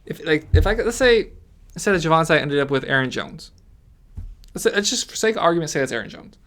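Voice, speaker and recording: A man's voice: fairly high pitch, expressive, fast talker, a bit bright. A man giving casual, rambling commentary on his fantasy football mock draft, ranting with frequent restarts.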